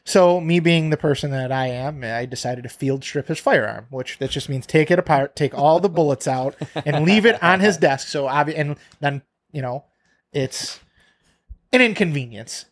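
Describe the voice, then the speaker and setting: Profane storytelling man, higher voice. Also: moderate pace. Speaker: podcast co-host. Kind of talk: casual storytelling chat.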